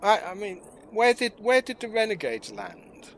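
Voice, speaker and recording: This man co-hosts a podcast, keeping things relaxed with teasing jokes and put-on voices. His high voice has a sing-song lilt at a moderate pace, and a little hiss or hum runs under the recording.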